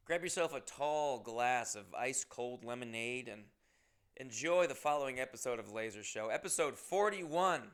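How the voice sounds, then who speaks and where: A man's voice: medium pitch, animated, moderate pace, a bit bright, clean tone. A man hosting his own podcast, talking in a playful, rambling, self-mocking comic monologue. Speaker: podcast host. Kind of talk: casual comedic monologue.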